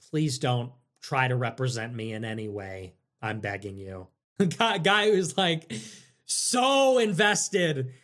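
A man hosting a livestream, talking casually and sarcastically in a rambling way that swings between loud and muttered. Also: mid-range voice, sing-song, takes it slowly. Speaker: livestream host. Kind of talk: casual livestream talk reading viewer messages.

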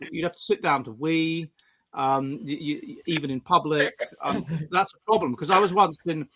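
A man's voice: on the high side, normal speed, noisy background. A man co-hosting a casual chat, rambling through anecdotes that keep trailing off.

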